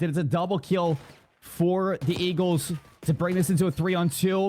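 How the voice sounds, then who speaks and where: Male play-by-play esports caster, slightly high voice, quick calls. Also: darkish tone, slight background noise. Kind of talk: live esports play-by-play commentary.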